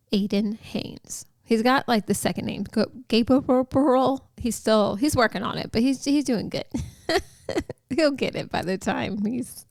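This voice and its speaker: A woman's voice: fairly high pitch, vocal fry, darkish tone, no echo, clean studio sound. A woman hosting a podcast, sharing a personal faith story in a heartfelt, chatty way, full of likes and you-knows. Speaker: podcast host.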